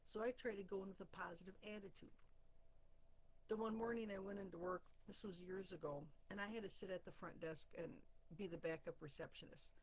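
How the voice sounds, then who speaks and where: A middle-aged woman hosting a spiritual live stream, talking in a chatty, animated way and telling stories about her life. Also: medium pitch, fairly quick, a little hiss or hum, low-quality recording. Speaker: host of a spiritual card-draw live stream. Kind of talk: casual motivational talk.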